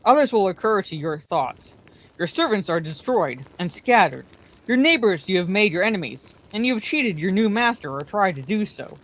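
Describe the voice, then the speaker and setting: A woman's voice: mid-range voice, very animated, normal speed. A woman reading aloud, voicing an old male wizard who speaks sternly and with authority. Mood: calm. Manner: stern and commanding.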